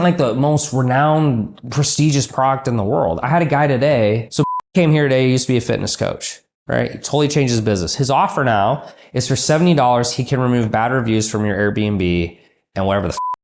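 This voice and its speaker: A man's voice: mid-range voice, lively intonation, fairly quick, a little mellow. A man coaching a business owner in a blunt, profane, ranting way.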